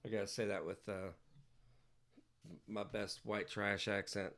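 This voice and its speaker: A man's voice: lowish voice, flat delivery, measured pace, creaky, long pauses, a bit bright. A man chatting casually on a livestream while he draws, rambling and joking with wordplay. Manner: playful, rambling, jokey wordplay. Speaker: digital artist livestreaming.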